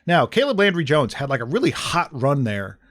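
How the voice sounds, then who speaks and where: A man co-hosting a podcast, discussing a film in a measured, wry way with frequent fillers. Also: fairly high pitch, big pitch swings, fairly bright tone. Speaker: podcast co-host. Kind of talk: casual film review chat.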